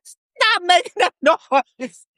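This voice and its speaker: A man's voice: very high voice, expressive, drawn-out words, sharp tone, dry recording, clean studio sound, pitched above the performer's own voice, exaggerated voice. A man voicing an angry male army drill sergeant barking orders. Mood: yelling.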